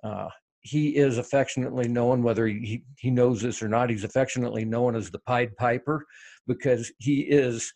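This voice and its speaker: A man hosting a podcast, introducing his guest and asking questions with halting, stammering starts. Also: mid-range voice, fairly even intonation, a little mellow. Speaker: podcast host. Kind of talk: casual interview.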